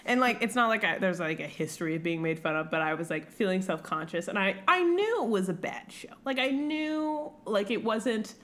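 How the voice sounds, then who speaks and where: A young woman co-hosting a podcast, chatting casually and laughing often. Her voice sits at an ordinary middle pitch, and she swears now and then in an easygoing, animated way. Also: normal speed, few pauses. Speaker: podcast co-host. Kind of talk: casual chat.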